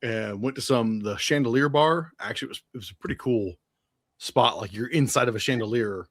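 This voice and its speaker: A man's voice: medium pitch, fairly quick, fairly bright tone, no echo. Blunt, laid-back man, dry sound. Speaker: podcast co-host. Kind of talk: casual chat.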